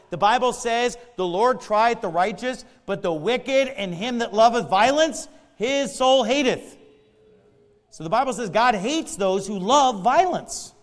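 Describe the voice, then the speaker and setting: A man in his forties preaching a sermon, emphatic and conversational, swinging between loud declarations and low asides. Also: lively intonation, unhurried. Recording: long reverb of a hall.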